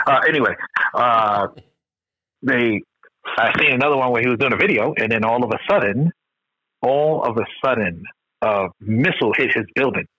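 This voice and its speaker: An American man co-hosting a podcast, chatting casually, animated and slangy with lots of swearing. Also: mid-range voice, brisk, no echo. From United States. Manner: animated, profane, slangy storytelling. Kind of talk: casual chat. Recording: dull, dry, lo-fi sound.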